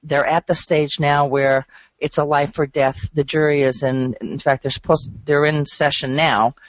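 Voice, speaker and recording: A woman talking in an animated, emphatic and incredulous way as a regular on a radio show. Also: sits low, normal speed, no room sound. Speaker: radio show regular who works with traders. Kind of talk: casual radio talk. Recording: dull, dry radio sound.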